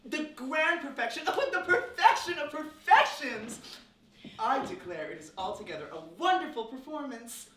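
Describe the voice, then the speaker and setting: An affected young lady, played by a woman, gushing with overly refined praise in a stage comedy. Her high, lively voice is heard from a distance in a roomy studio. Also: normal speed, full character voice. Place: studio room. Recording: roomy studio, mic at a distance, faint noise.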